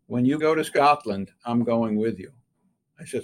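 An older man, an interviewed scientist, telling an anecdote in a relaxed, wry way and acting out the quoted voices. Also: mid-range voice, normal speed. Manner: wry storyteller who acts out quoted voices.

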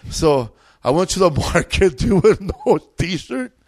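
A man tells a wild, rambling story in a loose, casual way. He swears constantly and keeps breaking into laughter. His voice sits a little higher than most men's. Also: big pitch swings, slow. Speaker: comedian guest.

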